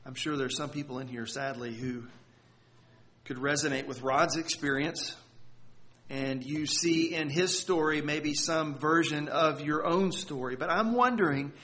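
A man preaching a sermon, telling a story earnestly, often repeating words and pausing for effect. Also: fairly high pitch, a bit bright. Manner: earnest, halting with repeated words and dramatic pauses. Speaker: pastor.

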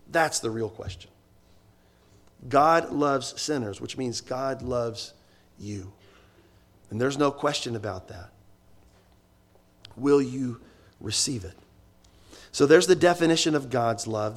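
A man preaching a sermon, slowing down and stressing key words, then dropping low and quiet for asides. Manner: swings between loud emphasis and low, quiet asides.

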